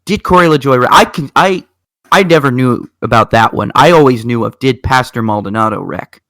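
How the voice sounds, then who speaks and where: Man, racing show co-host, casual rambling storyteller, mid pitch, dry close sound. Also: a little fast, no room sound. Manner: rambling, animated storytelling with restarts. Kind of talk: casual chat.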